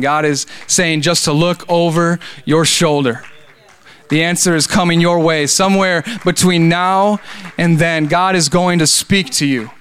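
A man's voice: fairly high pitch, smooth. A man preaching a sermon as a pastor, calling for amens and building to fervent exhortation. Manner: preaching with call-and-response, rising to fervent exhortation. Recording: faint music behind.

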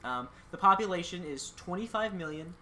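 Low-voiced woman co-hosting a podcast. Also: animated, moderate pace, pushed and bright, a little hiss or hum. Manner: reads facts with dry jokes, frequent ums. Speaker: podcast co-host presenting country facts. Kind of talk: casual podcast chat.

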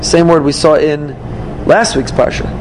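A man teaching a Torah lesson, reading the verses and explaining them, acting out the dialogue with lively emphasis. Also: fairly high pitch, a little slow, noisy background. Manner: animated, acts out dialogue from the text with rising emphasis. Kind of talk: Bible study class.

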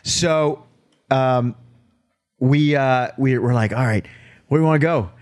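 A man co-hosting a podcast, starting his own road story in casual chat and reacting with quick exclamations. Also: mid-range voice. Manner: reacts with short swearing exclamations. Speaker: podcast co-host.

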